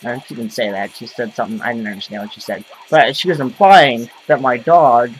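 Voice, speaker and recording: A man's voice: medium pitch, a little fast, breathy edge, low-quality recording. Rambling, profane young-sounding man. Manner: rambling, profane, filler-heavy. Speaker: vlogger. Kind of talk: casual to-camera rant. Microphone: camera mic.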